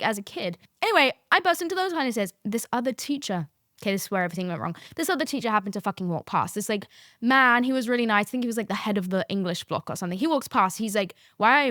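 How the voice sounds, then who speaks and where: Young woman podcaster, high voice, dry close sound, swears, acts out voices. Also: dry recording. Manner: animated, swears freely, acts out quoted voices. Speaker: podcast host. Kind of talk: casual storytelling.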